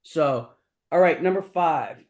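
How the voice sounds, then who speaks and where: Speaking slowly in an animated voice on the high side, the middle-aged mastermind host delivers a blunt, profanity-laced pep talk. He keeps coming back to his stock catchphrases.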